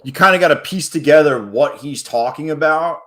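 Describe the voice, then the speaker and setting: A man's voice: on the high side, moderate pace, fairly bright tone. A man streaming his day trading live, talking viewers through chart moves in a casual, blunt way and swearing freely when a trade goes wrong.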